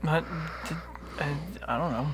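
A man's voice: fairly high pitch, measured pace, a bit bright. A man co-hosting a podcast in crude casual chat, hedging sheepishly and laughing along. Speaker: podcast co-host.

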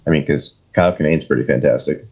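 A man co-hosting a podcast in casual chat, rambling and jokey with sudden excited bursts. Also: extremely low pitch, fast talker, husky. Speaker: podcast co-host. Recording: dull lo-fi sound.

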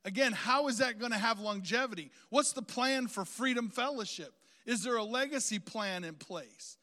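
A man's voice: very high-pitched, moderate pace, pushed and bright, long reverb tail. A man preaching a sermon, outgoing and talkative, calling on the congregation to repeat phrases after him.

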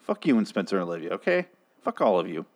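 A man's voice: sits low, sing-song, fast. A man putting on a fed-up snapping woman. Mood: dismissive. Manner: curt, dismissive, swearing.

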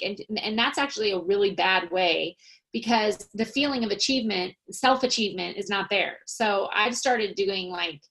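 A woman's voice: mid-range voice, normal speed, fairly bright tone. A woman in her forties who chats enthusiastically and laughs easily while sharing tips. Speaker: interviewer, host. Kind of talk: casual conversational chat.

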